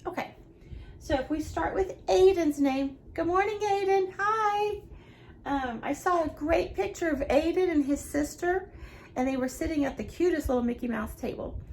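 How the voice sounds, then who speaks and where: A woman teaches young children in a remote lesson from home, her voice high with a gravelly edge. She speaks slowly and cheerfully, the way a preschool teacher talks to little ones. A faint hiss sits under her voice. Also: darkish tone. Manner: slow, cheerful, talking to children.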